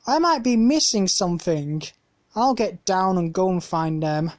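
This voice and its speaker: A woman's voice: on the low side, a little slow. A woman voicing an eager, spirited young girl in a storybook reading. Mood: worried. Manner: excited, pleading.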